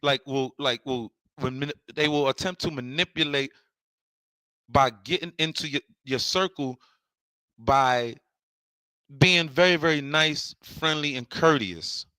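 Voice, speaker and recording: A man's voice: fairly high pitch, measured pace, pushed and bright, clear, resonant tone, dry recording, poor audio. A man hosting a livestream, ranting confrontationally and repeating himself. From New York City. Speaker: online show host. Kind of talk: heated livestream rant.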